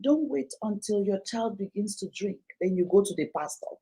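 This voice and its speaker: A woman's voice: mid-range voice, expressive, moderate pace, warm tone, low-quality recording. A woman speaking as a parenting coach at a conference, emphatic and preachy, repeating her key lines and acting out parents and children. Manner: acts out parents and children in quoted voices. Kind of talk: motivational conference talk. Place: conference venue.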